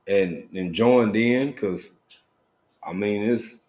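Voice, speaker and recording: A man with a lowish voice talks slowly in a relaxed drawl while hosting a casual live stream, greeting viewers by name amid sudden excited bursts.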